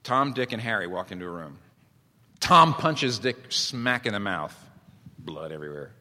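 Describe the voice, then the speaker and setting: A man preaching a sermon as pastor, earnest and animated, acting out little stories as he goes. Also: lowish voice, moderate pace, big-room sound.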